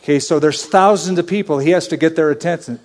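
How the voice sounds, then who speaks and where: A man with a fairly high voice preaches through scripture in a relaxed, conversational manner, then pushes into urgent, emphatic appeals. His voice rings out with the long reverb of a large hall. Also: quick pace. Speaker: Bible teacher. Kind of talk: expository sermon.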